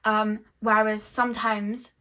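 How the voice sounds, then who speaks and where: A young woman giving a tarot reading, musing slowly and dreamily as she channels messages. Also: mid-range voice, level tone, sharp tone. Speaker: tarot reader.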